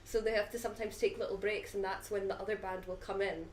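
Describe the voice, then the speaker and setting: A woman with a Scottish accent co-hosting a casual podcast, telling animated anecdotes. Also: medium pitch, quick pace. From Scotland. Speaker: podcast co-host. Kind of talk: casual chat. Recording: echoey room, distant mic, faint noise.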